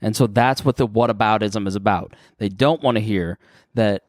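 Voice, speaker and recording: A man's voice: lowish voice, normal speed, no echo, studio quality. A man co-hosting a podcast who explains his view in an earnest way. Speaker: podcast co-host. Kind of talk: casual podcast chat.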